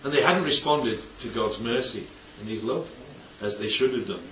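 A man's voice: medium pitch, moderate pace, fairly bright tone, slight background noise. A man preaching a conversational sermon, often throwing rhetorical questions at his listeners. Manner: chatty, asks the congregation rhetorical questions. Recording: echoey hall, distant, dull mic.

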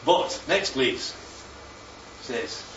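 A man preaching a sermon, lively and constantly checking in with his listeners by asking "right?" and "yeah?". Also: medium pitch, very slow, a little hiss or hum. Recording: echoey, distant, dull sound with faint ambience.

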